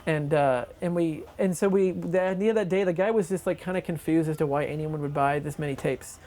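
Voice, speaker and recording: An interviewee telling a long anecdote for a documentary in an excitable, rambling way, full of fillers. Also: medium pitch, fairly quick.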